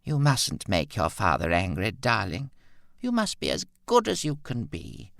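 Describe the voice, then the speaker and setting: A man reading an audiobook, voicing a frail, confused elderly mother in a high, trembling, drawn-out voice. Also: wildly swooping pitch, vocal fry, fairly bright tone, dry recording, clean studio sound, heavily acted. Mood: tender. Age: older. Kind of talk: audiobook character voice.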